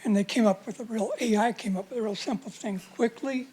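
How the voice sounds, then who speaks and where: A woman's voice: a little high, fairly quick, warm tone, slightly rough. Meandering woman asking from the audience. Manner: informal, meandering. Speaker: audience member asking a question. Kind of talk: rambling audience question.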